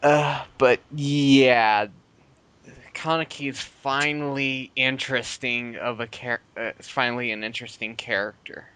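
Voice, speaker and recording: A man's voice: medium pitch, steady tone, measured pace, fairly bright tone, a little hiss or hum. Laid-back male podcast host. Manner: laid-back, chuckles often, trails off. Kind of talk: casual chat.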